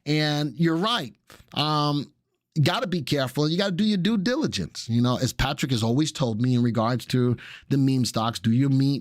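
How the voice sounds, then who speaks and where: A man's voice: mid-range voice, dry recording, studio quality. A man with a Southern US accent, hosting a live stock analysis show and chatting casually with viewers while he walks through charts.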